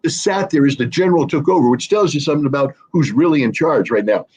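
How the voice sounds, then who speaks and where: A man's voice: on the high side, animated, fast, darkish tone, breathy edge. A man speaking as a guest analyst in a livestream discussion, emphatic and sardonic, telling stories to make his point.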